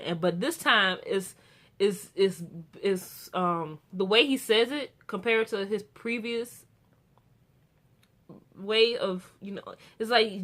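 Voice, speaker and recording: A young woman recapping a TV episode in a casual, rambling way, full of restarts and fillers. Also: medium pitch. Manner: gets excited and animated about the characters. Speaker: TV show reviewer.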